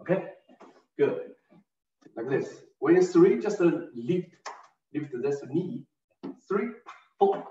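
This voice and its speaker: Slow-counting tai chi teacher, man. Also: on the high side, big pitch swings, mellow, a little hiss or hum. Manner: counts beats aloud, short broken phrases. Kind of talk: step-by-step movement instruction. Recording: distant roomy lo-fi recording.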